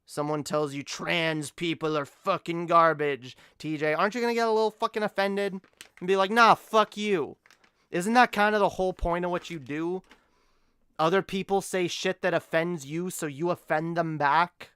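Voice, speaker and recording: A man's voice: a little high, fairly even intonation, normal speed, a bit bright, clear, resonant tone, no room sound, clean studio sound. A man streaming a reaction commentary, ranting with lots of swearing and stammering.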